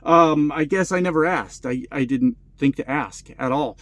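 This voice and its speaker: Profane, high-voiced man telling a story. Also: normal speed, a bit bright. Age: about 40. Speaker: truck driver vlogger. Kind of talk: casual storytelling vlog.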